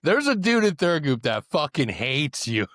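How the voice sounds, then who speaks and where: A man's voice: fairly high pitch, big pitch swings, normal speed, fairly bright tone, dry recording, clean studio sound. A man hosting a podcast, a former Green Beret who reacts in a blunt, profane, laid-back way during casual chat.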